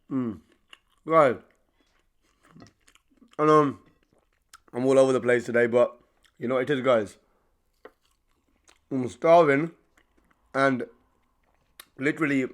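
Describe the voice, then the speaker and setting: A man's voice: a little high, a bit bright. A young man, chatting casually to camera while eating in a mukbang vlog. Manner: chatty, eats between lines. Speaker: vlogger.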